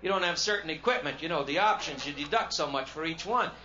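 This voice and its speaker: A man's voice: a little high, fast. A man performing stand-up comedy live in a casino showroom, telling stories with wry, punchy delivery. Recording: dull lo-fi 1970s live record, loud hiss.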